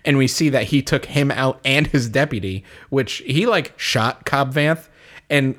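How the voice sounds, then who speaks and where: A man's voice: medium pitch, lively intonation, a little slow, a bit bright. A man co-hosting a casual chat, eager, laughing often and swearing. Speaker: podcast co-host.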